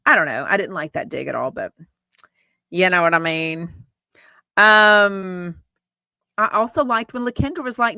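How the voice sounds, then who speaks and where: Speaking at a measured pace with frequent pauses, a Texan woman hosting a podcast has a medium-pitched voice that is sharp yet clean, with no echo. She reads viewer comments in a casual live-stream chat, wandering off track with fillers and restarts.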